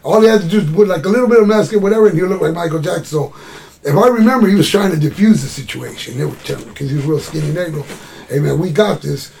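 A man's voice: fairly high pitch, very fast, vocal fry, slight background noise. A man casually telling a street story from his youth, swearing freely and acting out what others said. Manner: profane, animated street storyteller acting out quotes.

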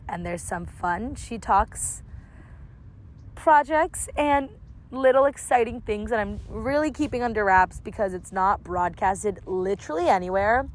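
A woman's voice: medium pitch, moderate pace, hardly any pauses. A woman in her early twenties hosting a casual solo podcast, chatty and affectionate with lots of filler likes, recorded outdoors on a seaside lawn. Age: early 20s. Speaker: podcast host.

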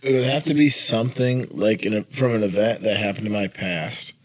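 A man's voice: fairly low pitch, fairly quick, low-quality recording. A young man in casual chat, laid-back and joking with his friends.

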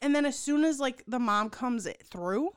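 A woman co-hosting a casual movie recap, emotional and quick to tear up, talking in an animated way. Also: high voice, smooth. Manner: emotional, self-described crier, animated. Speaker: podcast co-host.

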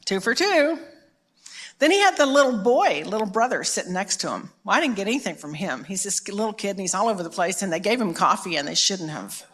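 A woman's voice: medium pitch, animated, brisk, a bit bright, husky. A middle-aged woman preaching at a conference, telling stories in a loose, chatty way. She pokes fun at herself and often restarts her sentences. Her voice sits in a mid range. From Texas. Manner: chatty, self-mocking storytelling with frequent restarts. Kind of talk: storytelling sermon.

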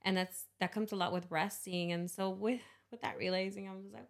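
A woman's voice: medium pitch, fairly even intonation, fairly quick. A young woman co-hosting a podcast in casual chat, talking in a rambling way with restarts and laughs. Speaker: podcast co-host.

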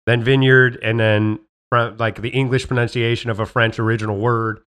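A man's voice: medium pitch, level tone, normal speed, a bit bright, clean tone. A young man co-hosting a podcast from a large empty house, rambling and joking crudely in casual banter. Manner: rambling, crude, joking, talks over others. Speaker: podcast co-host.

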